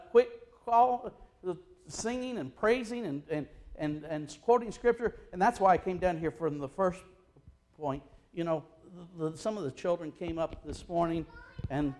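A man pastor preaching an impassioned sermon that swings between loud outbursts and quiet asides. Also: high voice.

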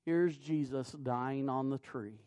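A man preaching a sermon, reading scripture in a measured cadence and rising to loud, emphatic peaks. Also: medium pitch, fairly even intonation, clean tone.

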